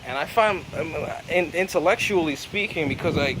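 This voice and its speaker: A man's voice: a little high, normal speed, noisy background. An American man, raised speaking Jamaican patois, in a rambling, profane vlog monologue full of fillers. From United States.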